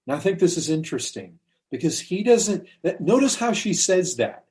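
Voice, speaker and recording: A man's voice: sits high, sing-song, moderate pace, a little mellow. A man preaching a sermon in a conversational way, asking rhetorical questions and acting out quoted lines.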